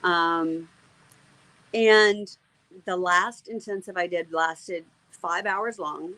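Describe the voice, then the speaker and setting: A woman's voice: on the low side, steady tone, drawn-out words, pushed and bright, no echo, low-quality recording. A middle-aged woman, an interview guest, telling a personal faith testimony in an earnest, emotional way, with many fillers and restarts.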